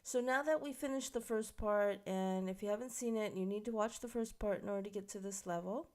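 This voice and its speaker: A woman's voice: mid-range voice, brisk, a little mellow. A woman makeup instructor giving a casual, chatty tutorial, explaining each step as she works on a model. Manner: chatty, explains while working, many fillers.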